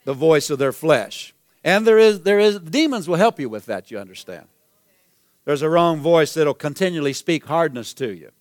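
A man's voice: high voice, clear, resonant tone, dry recording, studio quality. A man preaching a sermon as pastor, building to emphatic exclamations.

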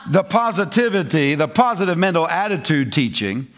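A man preaching a lively sermon in a folksy way, laughing often and acting out voices. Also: a little high, moderate pace. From rural United States. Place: church. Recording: congregation responding.

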